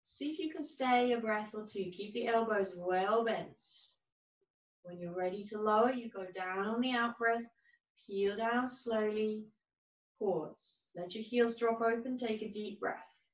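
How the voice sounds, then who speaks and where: Calm woman guiding a yoga class. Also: a little high. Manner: calm, gentle, unhurried cues. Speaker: yoga instructor. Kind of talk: guided yoga class instruction. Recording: roomy, distant, dull-sounding recording.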